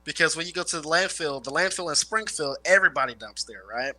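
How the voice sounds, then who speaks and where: A former garbage man appears as a guest, a man from around Illinois or Indiana with a rural Midwestern country twang. He rambles through stories in casual chat and swears freely, talking fast with a slightly high, animated, pushed and bright voice on a rough recording.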